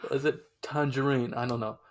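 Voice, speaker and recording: A man's voice: mid-range voice, steady tone, normal speed, a crowd in the background. A young man co-hosting a podcast in casual chat, rambling with lots of fillers and restarts. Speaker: podcast co-host.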